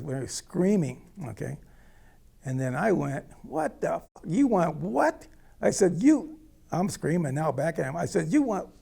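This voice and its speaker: A man's voice: mid-range voice, creaky, warm tone. A man from the United States telling a personal story in a blunt, rambling way, often checking in with the listener. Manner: blunt, rambling, checks in with "okay?" and "you know". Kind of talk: casual spoken storytelling.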